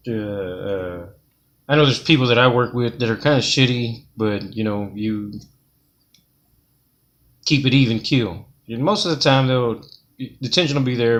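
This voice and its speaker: A man's voice: on the low side, fairly bright tone. A man giving blunt workplace advice to his viewers in a rambling, profane, casual monologue.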